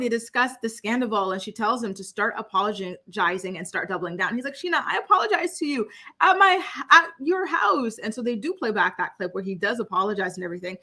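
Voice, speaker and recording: A woman's voice: medium pitch, bright, forceful tone. A woman talking casually and with strong opinions as she recaps a reality show for her channel, dropping plenty of "like" and "you know.". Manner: chatty, opinionated, heavy use of "like".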